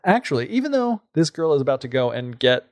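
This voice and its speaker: Man, gravelly voice, dry close mic, chatty podcast co-host. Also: fairly high pitch, big pitch swings, fast talker, no room sound. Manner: loose and chatty, with many fillers, putting on voices for the characters. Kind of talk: casual retelling of a fairy tale.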